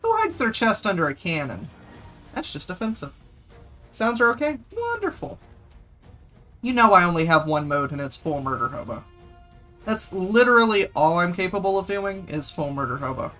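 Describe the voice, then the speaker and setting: A man's voice: sits high, sing-song, normal speed, bright, forceful tone, soft background music. Brief: a male streamer, loose and jokey, chatting with viewers between tasks. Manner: joking, chatty, talks to viewers. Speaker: game streamer. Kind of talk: casual gameplay commentary.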